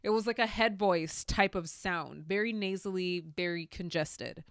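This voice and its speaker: A woman's voice: fairly low pitch, unhurried, hardly any pauses, fairly bright tone, smooth, dry recording, studio quality. A young adult woman hosting a solo podcast, speaking candidly and telling stories with spiritual musings. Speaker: podcast host. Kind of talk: reflective solo podcast monologue.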